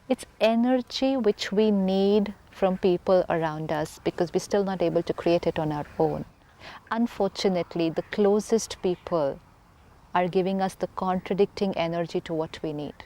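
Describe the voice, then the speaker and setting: A woman's voice: mid-range voice, mellow. A woman with an Indian English accent, a spiritual teacher explaining earnestly on a talk show, often repeating key phrases for emphasis.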